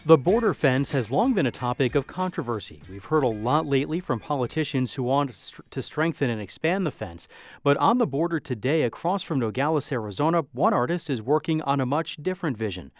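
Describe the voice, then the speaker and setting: A male radio news host who introduces stories and guests in a calm, clear way. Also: medium pitch, brisk, soft background music. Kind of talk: news hosting.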